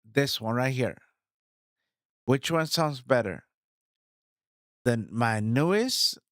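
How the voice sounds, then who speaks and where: A man chatting in a casual vlog about his new microphone setup, excited, repeating himself and talking straight to viewers on a studio mic. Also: mid-range voice, takes it slowly, no echo. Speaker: streamer reviewing his gear. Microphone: studio microphone, swapped between two.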